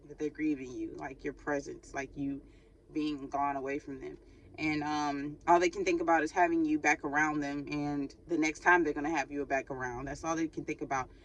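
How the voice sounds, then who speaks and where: A woman's voice: deep voice, steady tone, normal speed, slight background noise, poor audio. A woman hosting a spiritual channel, giving viewers a casual spoken reading in a chatty, loose way with informal slang.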